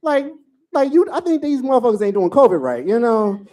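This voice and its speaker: A man in his forties doing a profane stand-up comedy set, telling stories with animated asides. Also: very high voice, fairly quick. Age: 40s.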